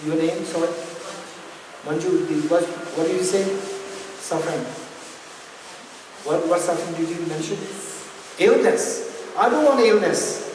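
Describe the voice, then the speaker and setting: Buddhist teacher in an echoey hall. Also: male voice, high voice, darkish tone, distant mic, a little hiss or hum. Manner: questioning the audience, repetitive emphasis. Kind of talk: interactive dharma teaching. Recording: echoey hall recorded from afar.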